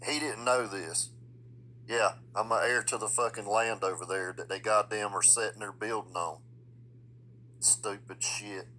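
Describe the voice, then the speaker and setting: A man's voice: on the low side, fairly even intonation, measured pace, pushed and bright, slight background noise, rough recording. A man from the South, ranting to the camera outdoors on his street, swearing constantly in a blunt, heated way. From Midland, US South. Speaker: vlogger. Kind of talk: angry profane rant to camera.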